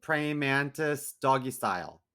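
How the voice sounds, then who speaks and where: A male co-host drops quick, crude wisecracks into a relaxed podcast chat. His voice is bright and clear, at a middling pitch. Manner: wisecracking, crude one-liners. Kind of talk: casual comedic chat.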